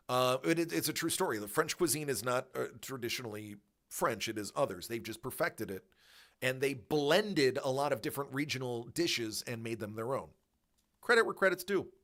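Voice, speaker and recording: A man with a bright, forceful voice talks casually to his livestream audience. He rambles from one tangent to the next, filling the gaps with "uh" and quick laughs. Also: mid-range voice, expressive. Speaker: livestream host.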